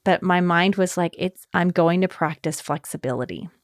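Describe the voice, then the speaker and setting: A woman hosting a podcast, telling a personal story in a casual, animated way and acting out her own reactions with big jumps in pitch. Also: normal speed, no room sound, studio quality. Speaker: podcast host. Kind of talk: casual solo podcast talk.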